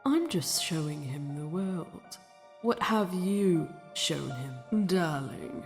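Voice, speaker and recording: A woman voicing a smug, nonchalant male trickster who drawls slowly and mocks. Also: sits low, lively intonation, vocal fry, long reverb tail, faint music behind, heavily acted. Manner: slow, drawling and mocking.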